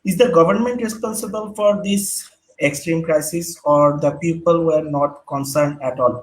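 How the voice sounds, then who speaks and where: A man with a Bengali accent hosting a live interview, hesitant and halting, filling pauses with "uh" and switching into careful English. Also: fairly high pitch, echoey room. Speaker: host.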